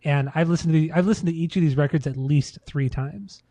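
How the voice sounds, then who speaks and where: A man with a slightly raised pitch and a mellow, darker tone talks through albums in a loose, rambling podcast chat. He curses freely and circles back on his own sentences. The recording is dry and close. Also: a little fast, no echo. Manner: rambling, profane, loose opinions. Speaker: podcast co-host. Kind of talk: casual music review chat.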